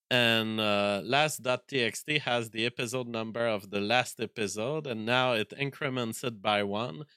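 A man with a noticeable French accent talks on a live stream in a crisp, forceful voice. He pauses and restarts often as he reads viewer messages and thinks aloud, and the sound is dry and close. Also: medium pitch, no echo. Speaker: livestream host reading viewer messages. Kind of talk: casual live-stream chat.

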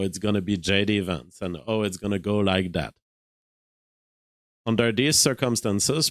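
A Quebec-accented man, French by birth, hosts a live stream in a measured, thinking-aloud style, often restarting his sentences. His voice sits a little low and sounds smooth and clear. It is recorded close and dry, with no room sound. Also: fairly bright tone, dry recording. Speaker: livestream host. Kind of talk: live-stream commentary, reading super chats.

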